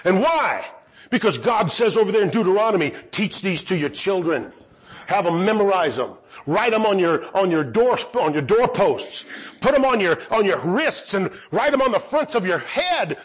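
A man's voice: sits high, breathy edge, highs cut off. A man giving a Bible teaching talk, asking rhetorical questions and answering them himself.

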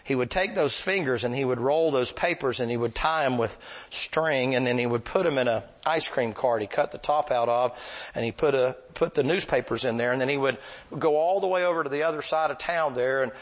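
An older man preaching a folksy, animated sermon full of stories. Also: mid-range voice, a little fast. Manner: folksy, animated, acts out voices. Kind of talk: sermon with storytelling.

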